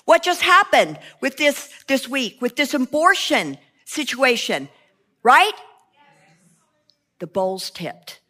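A woman's voice: high-pitched, big pitch swings, slow, pushed and bright. A woman preaching a sermon with passion, mixing joking asides with fervent repeated cries.

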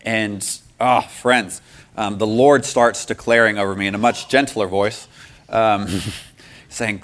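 A man telling a personal faith testimony. He talks candidly and pokes fun at himself, laughing often, and grows soft and quiet in the reflective stretches. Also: lowish voice, steady tone, takes it slowly. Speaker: speaker sharing a faith testimony.

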